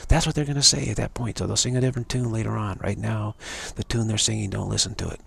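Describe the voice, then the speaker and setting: A man's voice: on the low side, steady tone, fast talker, creaky, fairly bright tone, husky. A man giving a rambling spiritual talk on a live stream, repeating himself and restarting words often. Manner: repetitive, stumbling restarts, earnest. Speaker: spiritual teacher.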